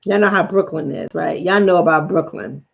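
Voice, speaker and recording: A woman's voice: fairly low pitch, moderate pace, gravelly. Blunt, profane New York woman. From the Bronx, New York City. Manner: blunt, profane, animated storytelling. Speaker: relationship coach and host. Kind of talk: late-night livestream chat. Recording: dull lo-fi sound.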